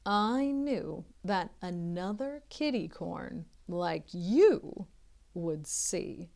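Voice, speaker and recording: A woman voicing a kind, grand male unicorn in a storybook read-aloud, speaking softly and politely, in a confiding tone. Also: on the low side, lively intonation, very slow, gravelly, heavily acted. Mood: gentle.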